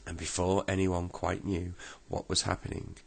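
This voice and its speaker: A man reading a children's bedtime story aloud as its narrator, at a slow and gentle pace. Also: low-pitched, level tone, vocal fry, slightly rough.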